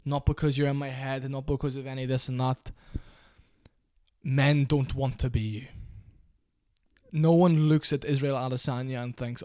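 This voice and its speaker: A man's voice: medium pitch, flat delivery, normal speed, pauses often, a little mellow, no room sound, clean studio sound. A young man in an angry, profane rant to camera about a fighter. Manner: heated, profane, repetitive. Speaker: MMA commentator.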